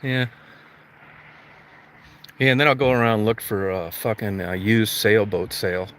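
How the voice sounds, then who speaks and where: A man's voice: lowish voice, fairly even intonation, moderate pace, a bit bright. A man hosting a livestream, ranting crudely with constant swearing and mock outrage. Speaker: livestream host. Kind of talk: profane comedic rant.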